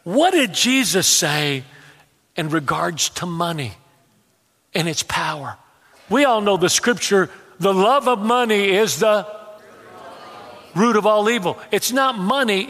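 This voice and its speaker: A man's voice: high-pitched, unhurried, long pauses, long reverb tail. A man preaching a sermon as pastor, telling stories with humor and stumbling restarts. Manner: animated, humorous storytelling with repetitions and stammered restarts. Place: church hall.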